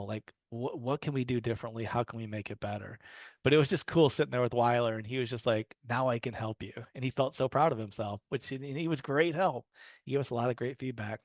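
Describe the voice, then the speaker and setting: Guy chatting to a group, lots of ums and restarts, mid pitch, dry close sound. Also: fast, no room sound. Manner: friendly storytelling with fillers and restarts. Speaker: guest speaker on low-vision resources. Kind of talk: casual talk to a small group.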